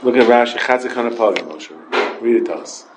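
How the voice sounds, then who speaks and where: A man's voice: medium pitch, expressive, a little fast, background noise. A man with a Yeshiva English accent teaching an informal Talmud class, mixing Hebrew and Yiddish terms into his English and questioning his students.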